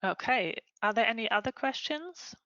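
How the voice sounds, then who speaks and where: A woman's voice: a little high, lively intonation, moderate pace, fairly bright tone, dry recording. A woman moderating a project webinar online, speaking with many hesitant ums. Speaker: session moderator. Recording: dull lo-fi online call.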